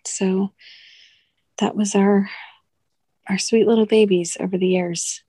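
A woman in her thirties, a guest on a podcast, telling a personal loss story in an emotional, halting way with many restarts. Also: mid-range voice, fairly even intonation, dark tone, slightly rough, no room sound.

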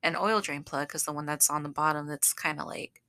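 A woman's voice: deep voice, steady tone, brisk, pushed and bright, clean tone, no echo. A woman co-hosting a podcast, chatting casually with lots of fillers. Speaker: podcast co-host. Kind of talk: casual chat.

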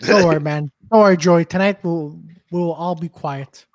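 High-voiced rambling man telling stories. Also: moderate pace, dry recording, studio quality. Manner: rambling, laughing storyteller. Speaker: podcast co-host and comedian. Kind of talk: casual chat among friends.

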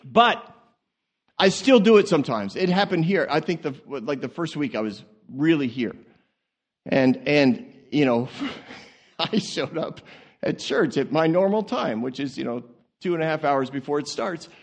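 A male pastor preaching in a church, animated and laughing, often repeating words as he goes. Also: fairly high pitch, unhurried. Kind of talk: sermon. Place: church sanctuary.

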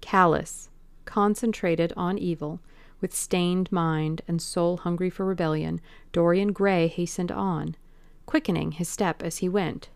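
Woman reading an old novel aloud, really slow and deliberate, gravelly low voice, dry close mic. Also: fairly even intonation, no echo. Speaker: audiobook narrator. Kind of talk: dramatic audiobook narration.

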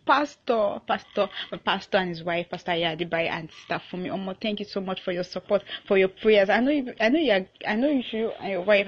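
A woman's voice: medium pitch, breathy edge, dull audio. A young woman with a Nigerian accent, hosting her own casual podcast. She chats loosely, restarts often and laughs between thoughts. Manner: chatty, with frequent restarts and laughter. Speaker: podcast host.

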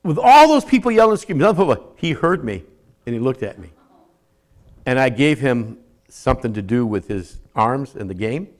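This sermon comes from an older male pastor with a mid-range voice and big swings in pitch. He speaks fairly quickly, alternating between shouts and near-whispers and repeating key words.

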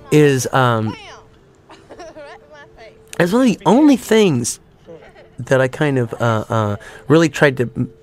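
Rambling, animated man giving film commentary. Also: mid-range voice. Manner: animated, acts out audience reactions in a raised voice; rambling, with many fillers and restarts. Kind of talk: casual audio commentary.

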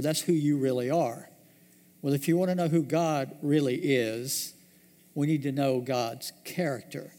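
Pastor guy preaching, kinda high voice, slows right down for the big words, long echo in the church. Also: darkish tone. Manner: storytelling, slows and drops low for emphasis. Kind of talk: sermon.

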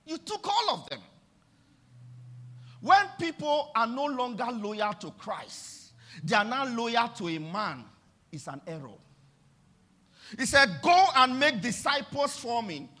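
A Nigerian pastor, a middle-aged man, preaching with a very high, bright voice that leaps all over the scale. He turns repeated lines into a sing-song chant and drops suddenly into hushed asides. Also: lively intonation, measured pace. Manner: emphatic preaching with sudden swings between loud and soft, sing-song phrasing. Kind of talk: sermon.

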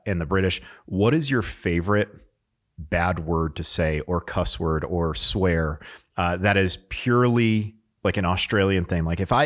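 A man hosting an interview show, chatting casually and rambling a little as he asks questions. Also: low voice. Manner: rambling, restarts phrases, friendly. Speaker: podcast host.

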